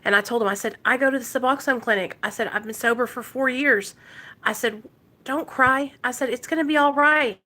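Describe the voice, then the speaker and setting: This Arkansas woman's recovery vlog features her telling an emotional story straight to the camera for her viewers. She speaks a little fast in a high, pushed, bright voice.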